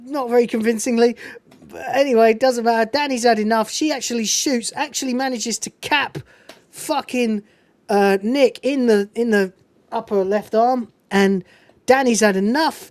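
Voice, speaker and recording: Speaking at normal speed in a slightly high voice with no room sound, a woman hosts a podcast. Her recap of a film scene is loose and lively, full of swearing and digressions.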